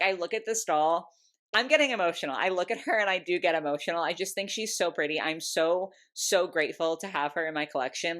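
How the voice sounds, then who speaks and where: Young woman gushing over dolls, kinda low voice, says like a lot, laughs a bunch. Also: a bit bright. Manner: gushing, chatty, lots of "like" and laughs. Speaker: doll collector YouTuber. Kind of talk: casual ranking vlog.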